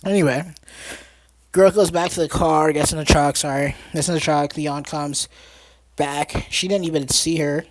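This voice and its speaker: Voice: mid-range voice, steady tone, moderate pace, dry recording. Rambling podcast host recapping a film. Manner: rambling, lots of fillers and restarts, laughs while talking. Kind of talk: casual movie recap.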